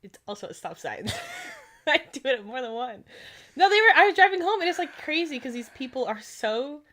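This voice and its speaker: High-voiced giggly woman streamer. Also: a little fast. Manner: giggly, laughs between almost every line; animated, teasing. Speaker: streamer co-host. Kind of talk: casual chat.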